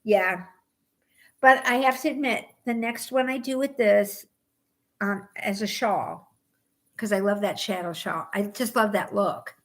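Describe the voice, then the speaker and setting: A middle-aged woman co-hosting a knitting podcast in casual chat, ranting with bursts of loud exasperation. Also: mid-range voice, a little slow. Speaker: podcast co-host.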